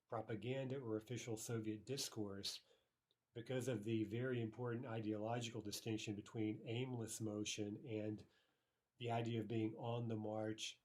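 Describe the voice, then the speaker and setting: A man teaching a recorded language lesson, explaining grammar step by step, checking in with "right?" and repeating example phrases slowly and carefully. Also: fairly low pitch, a little mellow. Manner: explanatory, frequent "right?" checks, slow careful Russian repetitions.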